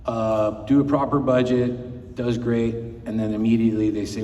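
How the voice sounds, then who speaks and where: On a panel in a big convention hall, a film producer in his fifties rambles through anecdotes, chuckling and acting out quotes. His mid-range voice is steady and warm at a moderate pace, with slight background noise, and it sounds distant and echoey.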